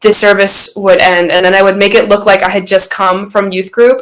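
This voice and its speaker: A young woman talks casually as a podcast guest. She rambles through a personal story, packing it with fillers, restarts and acted-out quotes. Her pitch sits in an ordinary middle range. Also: flat delivery, normal speed, low-quality recording.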